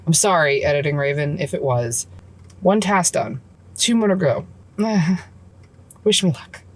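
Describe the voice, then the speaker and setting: A woman's voice: low voice, a little slow, a little hiss or hum. A woman and mom venting her frustrations in a casual vlog from her car, swearing often, recorded on her phone. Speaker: vlogger and mom. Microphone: phone camera.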